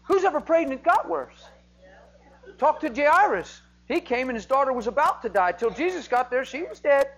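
Man preaching, from shouts to whispers. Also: extremely high pitch, expressive, normal speed, poor audio. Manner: swings from loud, emphatic preaching to hushed whispers. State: emotional. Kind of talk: sermon.

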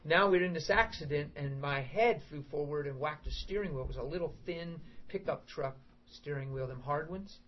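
A middle-aged man preaching an informal sermon to a small group, emphatic and animated, acting out prayers and quotes as he goes. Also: fairly high pitch, normal speed, hardly any pauses. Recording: dull lo-fi recording with faint background hiss.

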